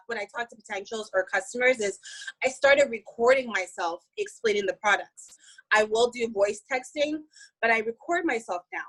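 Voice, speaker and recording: A woman with a slightly high voice gives a motivational pep talk to her team. She is upbeat and emphatic, with a casual, chatty way of talking. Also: a bit bright, breathy edge, poor audio. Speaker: network marketing team member.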